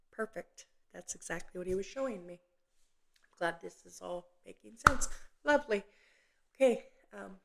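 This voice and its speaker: Soft-spoken hesitant woman giving readings. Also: lowish voice, creaky. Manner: gentle, halting, many ums and restarts. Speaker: psychic medium host. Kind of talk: live online reading.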